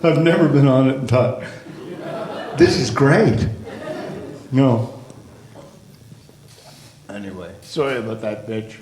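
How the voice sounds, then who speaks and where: A man doing a stand-up comedy routine on stage, ranting with heavy profanity and rising to shouted exasperation. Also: medium pitch, expressive, unhurried, long pauses. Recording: echoey live club with crowd. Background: audience laughter.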